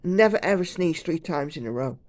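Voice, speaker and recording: A woman's voice: low voice, lively intonation, a little fast, darkish tone, no room sound. A woman from the United Kingdom chatting casually and rambling while she stitches at home. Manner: chatty, rambling, self-deprecating. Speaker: cross-stitch vlogger.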